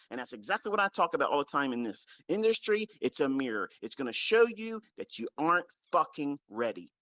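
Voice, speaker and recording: This trading mentor scolds his followers in a blunt, heavily profane, unscripted rant, repeating points for emphasis. His voice is on the high side and sing-song, a little fast with hardly any pauses, bright and forceful, with no room sound.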